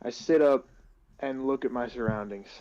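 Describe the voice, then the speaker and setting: A man playing a tabletop game, calmly describing what his character does. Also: medium pitch, normal speed, lo-fi sound.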